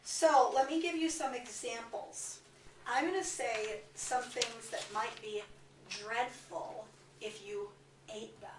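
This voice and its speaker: A woman teaching kindergarten, speaking in a slightly raised pitch and a deliberately slow, coaxing way. She is caught by a distant camera mic, so her voice rings around a bare classroom. A faint hiss sits underneath. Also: reverberant. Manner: slow, clear, coaxing teacher talk to small children. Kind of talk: classroom read-aloud lesson.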